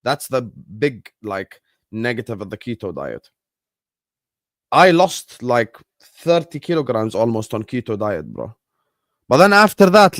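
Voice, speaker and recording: A non-native English-speaking man hosting a relaxed live stream, rambling and reading out viewers' chat messages. His voice sits at an ordinary mid pitch. The recording is close and dry, with no room sound. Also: no room sound. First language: not English. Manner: chatty, rambling, reads and answers live chat. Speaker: livestream host.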